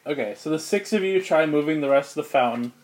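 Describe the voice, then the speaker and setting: A man's voice: a little high, fast. A man narrating as game master in a casual, slangy way, laughing often.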